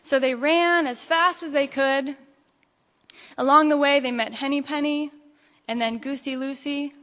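A woman's voice: high voice, steady tone, measured pace, fairly bright tone, big-room sound. A woman pastor giving a sermon, telling a story expressively before reflecting, in a church. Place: church sanctuary.

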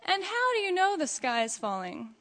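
A woman's voice: high-pitched, expressive, a little slow. A woman doing a sly, coaxing male fox. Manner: smooth, soft and coaxing.

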